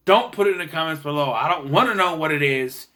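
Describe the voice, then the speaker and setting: A young man with a bright, forceful, slightly high voice talks through a film review off the cuff. He rambles, second-guesses himself and keeps restarting his sentences. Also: lively intonation, quick pace. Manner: rambling, unsure, lots of restarts and self-corrections. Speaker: movie reviewer. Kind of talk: casual spoken film review.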